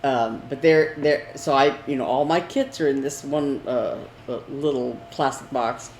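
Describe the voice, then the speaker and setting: A woman's voice: very deep voice, unhurried, a little mellow. Rambling woman in an echoey room. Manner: rambling, filler-heavy. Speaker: co-host. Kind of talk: casual craft chat. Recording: echoey room with faint noise.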